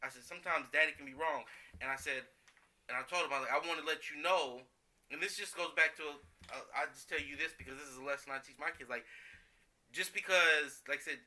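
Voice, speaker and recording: A man's voice: on the high side, fast, bright, forceful tone. A man co-hosting a casual podcast, speaking in an earnest, reflective way and repeating words as he thinks aloud. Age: adult parent. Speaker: podcast co-host.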